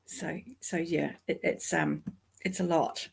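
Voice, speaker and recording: A woman with a New Zealand accent hosting a casual livestream, chatty and quick to laugh and exclaim. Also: sits low, steady tone, vocal fry, breathy edge. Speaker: livestream host.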